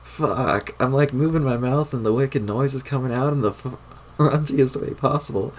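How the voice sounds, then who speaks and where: A man voicing a mellow, foul-mouthed young male troll clown while reading a webcomic aloud, with a drawling, laid-back delivery. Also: mid-range voice, normal speed, close to an everyday voice.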